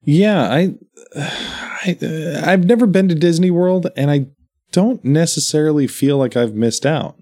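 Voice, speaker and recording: A man's voice: on the high side, a little slow, darkish tone. A man chatting casually as a podcast co-host, telling stories in a meandering, enthusiastic way. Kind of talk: casual chat.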